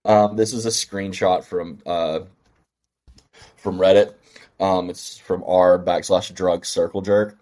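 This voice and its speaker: Laid-back low-voiced man, deadpan. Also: slow pace. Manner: deadpan, reading posts aloud with frequent ums. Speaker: podcast co-host. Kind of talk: casual podcast chat.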